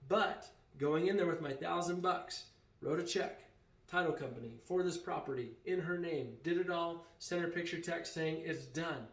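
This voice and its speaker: A man tells a story to his vlog audience in a lively, animated way, voicing the people he quotes. His voice sits a little high for a man. The room around him rings with echo. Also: normal speed. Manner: animated retelling that acts out quoted dialogue. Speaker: vacation rental owner and vlogger. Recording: echoey room.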